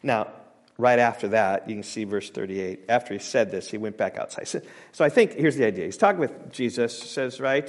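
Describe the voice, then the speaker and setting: This is a male pastor giving a sermon at a brisk clip in a medium pitch. He speaks with emphasis, swells loudly on scripture, drops softly elsewhere, and frequently repeats and restarts his words.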